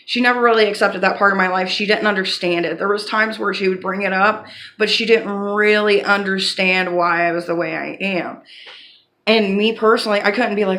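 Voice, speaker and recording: Bright-voiced woman telling a candid story. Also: mid-range voice. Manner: candid, blunt, with swearing. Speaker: vlogger. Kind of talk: casual storytelling to camera.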